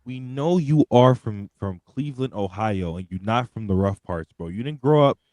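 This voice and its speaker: A man's voice: fairly low pitch, normal speed, no echo. A young man, co-hosting a wrestling show in casual, profane, rambling chat. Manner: animated, profane, rambling with restarts. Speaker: wrestling podcast co-host.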